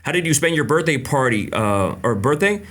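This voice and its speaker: A young man hosting a casual livestream, greeting viewers by name with lots of fillers and quick Spanish greetings. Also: fairly high pitch, expressive, fairly bright tone. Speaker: livestream host.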